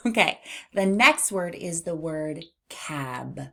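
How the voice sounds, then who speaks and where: Female phonics teacher, slightly low voice, unhurried, patient and encouraging with young readers. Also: vocal fry, fairly bright tone. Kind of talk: children's phonics lesson.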